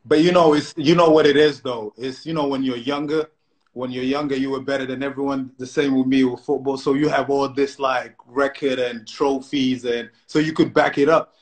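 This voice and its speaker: A man's voice: mid-range voice, normal speed, poor audio. A man with a London accent, from South London, chatting and teasing his friend on a live phone stream. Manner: teasing, animated. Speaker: co-host. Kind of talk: casual chat, banter. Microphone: phone on a live video stream.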